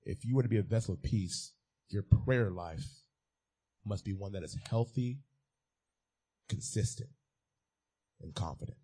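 A man's voice: fairly low pitch, measured pace, pauses often, dark tone, slightly rough. A man preaching a sermon as a pastor, repeating key phrases and building to emphatic peaks.

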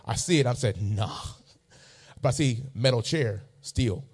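A man's voice: mid-range voice, expressive, moderate pace, darkish tone, husky. A man preaching a sermon, mixing a funny personal story with emphatic, repeated phrases.

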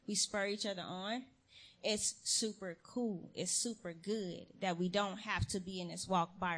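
Animated young woman preaching casually. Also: medium pitch. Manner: lively storytelling with slang and acted quotes. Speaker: church speaker. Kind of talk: casual sermon.

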